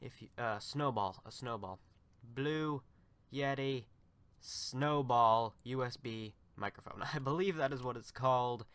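A man hosting a gaming channel, giving casual commentary on a desktop USB mic, excitable, repeating short phrases and yelling when things get tense. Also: mid-range voice, measured pace, clear, resonant tone, dry recording. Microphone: USB desktop microphone.

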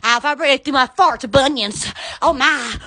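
A woman's voice: sits high, measured pace, sharp tone. A woman with a Southern accent chatting on a live phone stream about her shop products, exclaiming and giggling and repeating "oh, yes" over and over. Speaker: online shop owner.

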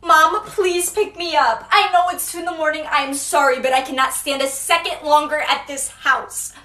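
A woman's voice: high voice, bright, forceful tone, echoey room. A woman playing a teen girl who pleads with her mom for a late-night pickup in a comedy sketch. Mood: pleading. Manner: pleading, rushed apology.

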